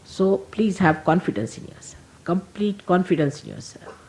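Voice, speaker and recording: A woman giving an informal spiritual talk to followers, gentle, humorous and motherly. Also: lowish voice, very animated, moderate pace, rough recording. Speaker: spiritual teacher.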